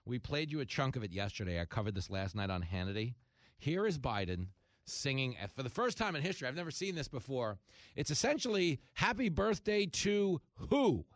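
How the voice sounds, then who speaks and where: A man hosting a talk radio show in a fast, jokey monologue, breaking into loud comic bursts. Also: medium pitch, very animated, dry recording, studio quality.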